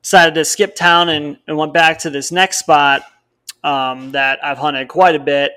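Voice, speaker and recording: A man's voice: fairly high pitch, unhurried, clear, resonant tone. Chatty young man telling a hunting story. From Wisconsin. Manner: rambling storyteller, animated, quotes others in dialogue. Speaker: podcast co-host.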